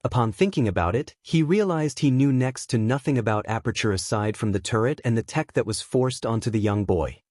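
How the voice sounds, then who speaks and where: A man reading a fan fiction story aloud in a steady storytelling manner. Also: medium pitch, fairly quick, few pauses, dry recording. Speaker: story reader.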